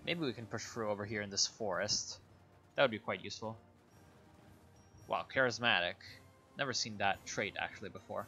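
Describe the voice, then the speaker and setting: A man giving relaxed, low-key commentary while playing a strategy game, thinking aloud as he goes. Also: moderate pace, long pauses, soft background music. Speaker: gameplay commentator. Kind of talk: casual let's play commentary.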